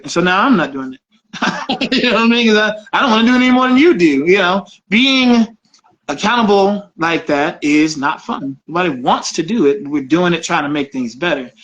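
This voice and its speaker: Quick and lively, this co-host talks in a high, fairly bright voice with animated intonation, captured on lo-fi audio. He trades candid personal anecdotes in an easygoing chat and laughs a lot.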